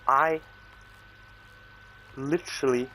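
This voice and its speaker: Young man, casual storyteller, rambles and restarts, average pitch, slight hiss in the background. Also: fairly even intonation, bright, forceful tone, rough recording. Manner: acts out his own and others' lines in quick bursts.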